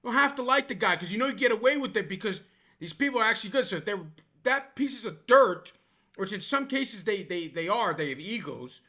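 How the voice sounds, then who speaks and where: A man's voice: high-pitched, lively intonation, brisk, sharp tone. A man vlogging in a blunt, exasperated rant. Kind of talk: ranting commentary.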